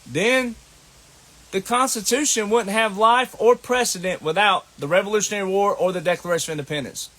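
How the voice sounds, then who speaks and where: A man's voice: high voice, a little fast, sharp tone. A man with a Southern US accent delivering a scolding, combative monologue as an online commentator, repeating his points. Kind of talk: ranting monologue to camera.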